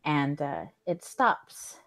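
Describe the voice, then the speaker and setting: A woman's voice: low voice, huge pitch swings, very slow, vocal fry, fairly bright tone, poor audio. A woman running a tabletop role-playing game, narrating the scene in a laid-back way with many fillers and laughs. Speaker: game master.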